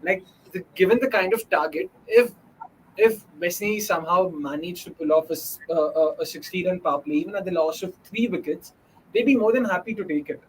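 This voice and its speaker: High-voiced, animated male cricket pundit. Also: a little hiss or hum, poor audio. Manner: animated, filler-heavy, talks fast with "you know". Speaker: cricket analyst. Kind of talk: casual chat.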